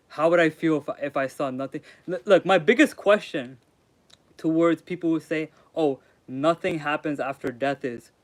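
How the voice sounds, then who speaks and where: A man's voice: a little high, no room sound. A young man streaming live, rambling casually as he reads and answers chat in slangy talk. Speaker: streamer reading aloud. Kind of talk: casual livestream commentary.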